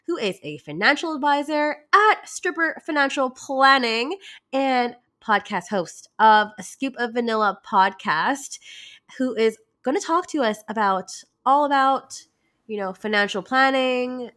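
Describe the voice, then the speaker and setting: A woman's voice: sits high, animated, a little slow, a bit bright. A woman hosting a podcast, chatty and upbeat with many fillers, congested from a cold. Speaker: podcast host. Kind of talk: casual podcast intro.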